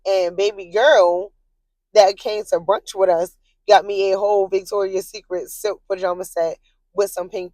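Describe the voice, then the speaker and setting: A young woman telling a casual, profane storytime to her viewers, animated, rising into shrill yelling as she relives her anger. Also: dry recording. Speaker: vlogger.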